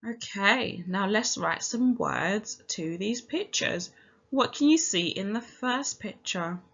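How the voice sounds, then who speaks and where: A woman with a British accent teaching a recorded phonics lesson for young children, speaking slowly and clearly and sounding out each letter encouragingly. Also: mid-range voice, expressive, a bit bright. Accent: British English. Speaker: primary school teacher. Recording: dull lo-fi home recording.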